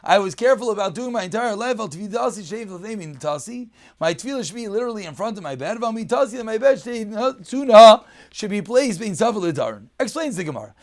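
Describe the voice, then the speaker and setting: A man's voice: high voice, big pitch swings, fast. A man teaching a daf yomi Talmud lesson. He reads Aramaic phrases and explains them in English.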